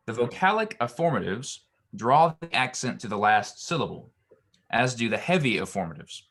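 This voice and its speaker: A man's voice: mid-range voice, sing-song, moderate pace, a bit bright. A man teaching a Hebrew grammar lesson, explaining patiently with frequent ums and restarts.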